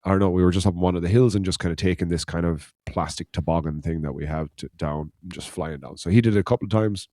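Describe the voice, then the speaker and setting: A man's voice: low voice, fast, few pauses, warm tone, no room sound, clean studio sound. A man from Ireland, a podcast co-host, telling a rambling anecdote in casual chat, laughing and swearing as he goes.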